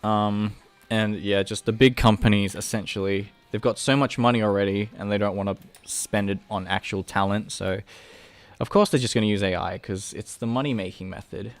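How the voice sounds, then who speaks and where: A man's voice: lowish voice, fairly even intonation, normal speed, faint music behind. A young man with an Australian accent, chatting casually on a live stream as he animates, rambling with many fillers and restarts. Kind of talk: casual livestream chat.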